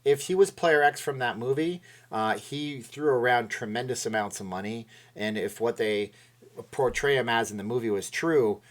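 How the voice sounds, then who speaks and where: A man hosting a live stream in a casual, rambling way, cracking jokes and greeting viewers from the chat. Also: fairly low pitch. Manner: rambling and jokey, laughs at his own jokes.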